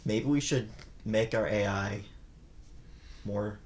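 Guy on a podcast, lowish voice, laid back, keeps asking questions. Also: slow pace, darkish tone. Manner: curious, asks questions, easygoing. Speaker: podcast co-host. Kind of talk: casual chat.

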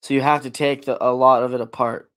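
A man's voice: medium pitch, flat delivery, brisk, a bit bright, clear, resonant tone. A man co-hosting a casual podcast, reading listener questions and bantering playfully. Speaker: podcast co-host. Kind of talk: casual chat.

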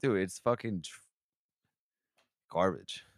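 Low-voiced guy ranting and rambling, swears a lot, dry close sound. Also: slow pace, no echo. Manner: profane, rambling storytelling. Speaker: podcast host. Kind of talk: casual chat.

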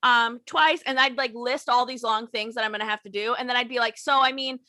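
A young woman venting in casual conversation, her voice high and bright. She tells blunt, profane stories and mimics the customers. The sound is dry and close, with no room echo. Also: steady tone, a little fast. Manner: blunt, profane storytelling with mocked customer quotes. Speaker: former waitress and bartender. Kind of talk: casual chat.

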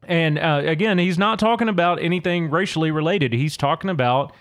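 A Louisiana man hosts a solo podcast, casually going over song lyrics and reading lines aloud between his explanations. His voice sits a little high, moves a little fast, and has a slightly bright quality.

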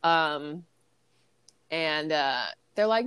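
A woman's voice: mid-range voice, expressive, moderate pace, no echo. Giggly woman podcast co-host. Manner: giggly, acts out quotes with voices. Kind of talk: casual chat recapping a movie.

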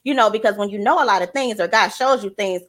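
A woman working as a transparency coach, talking in a casual, energetic and emphatic way, often repeating her phrases. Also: medium pitch, fast. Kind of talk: casual chat.

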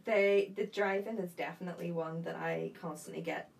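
A woman's voice: fairly low pitch, steady tone, normal speed, vocal fry. A woman telling a story in casual chat and laughing through it. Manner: giggly, laughs through her own story. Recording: distant mic with faint noise.

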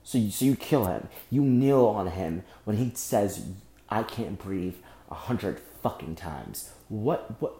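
A young man hosting a solo podcast, speaking angrily and with deep emotion, often breaking off and repeating himself. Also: expressive, slow, dark tone, roomy sound. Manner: angry, emotional, repeats and restarts. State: emotionally shaken. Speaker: podcast host. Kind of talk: impassioned solo podcast monologue.

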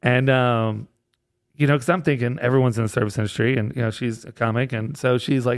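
A man swaps bartending and comedy stories in a casual podcast chat. His voice sits at an ordinary middle pitch, and he rambles with restarts and laughs running through the tale. The recording is dry and close, with no room echo. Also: fairly even intonation, brisk.

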